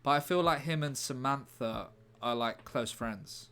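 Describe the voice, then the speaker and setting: A man's voice: medium pitch, a little slow, fairly bright tone, smooth, soft background music. A British man streaming as a comedian, rambling and joking casually as he chats to viewers. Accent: British English. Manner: rambling, jokey, chatting to viewers. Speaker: comedian streaming a writing session. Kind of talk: casual livestream chat.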